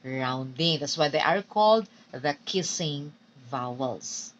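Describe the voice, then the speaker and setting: A woman's voice: deep voice, lively intonation, takes it slowly, recorded from a distance, dull audio, slight background noise. A Filipino woman teaching English phonetics in a recorded lecture, drilling example words and often checking in with "Okay?". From Philippines.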